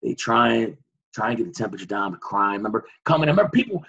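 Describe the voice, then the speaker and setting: Husky man telling a dramatic story. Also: on the low side, quick pace, lo-fi sound. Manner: animated, dramatic retelling with shouted reenactments. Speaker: guest. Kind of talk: storytelling interview.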